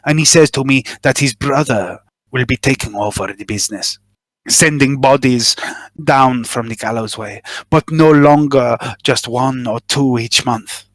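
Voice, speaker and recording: A man's voice: medium pitch, no echo, natural voice. A man doing a nervous middle-aged smuggler who stumbles through his confession, justifying every step in a plain middle-range voice. The sound is dry and close, with no room in it. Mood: uneasy. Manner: halting, eager to justify himself.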